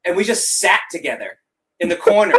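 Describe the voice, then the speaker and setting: A man co-hosting a casual podcast, spinning animated stories full of swearing. He laughs through his own punchlines and speaks into a studio podcast mic. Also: high-pitched, a little fast. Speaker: podcast co-host. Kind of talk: casual chat.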